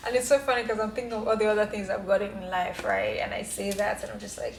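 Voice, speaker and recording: A woman's voice: medium pitch, steady tone, quick pace, vocal fry, few pauses, slight background noise. A young woman vlogging casually in her apartment, candid and self-reflective, often laughing as she talks into her camera. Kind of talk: casual vlog talk. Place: apartment, indoors. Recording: roomy indoor echo.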